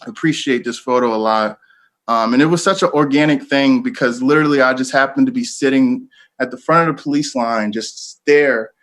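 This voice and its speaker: A man's voice: a little high, a bit bright. A young man, a photographer, talking casually and earnestly about his work, with lots of fillers. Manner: loose, filler-heavy, earnest. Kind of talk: casual gallery talk.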